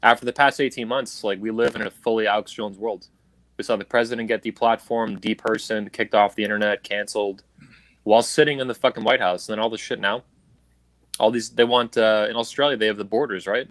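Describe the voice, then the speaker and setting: A man with a fairly low voice hosts a livestream, venting a profane, heated political rant over a video call stream. He's angry and emphatic yet holds a steady tone, talking fairly quickly, a bit bright, in a dry recording.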